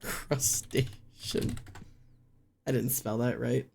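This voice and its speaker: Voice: mid-range voice, expressive, slow pace. A streamer casually thinking aloud during a live word-guessing game, spelling words out letter by letter and poking fun at themself.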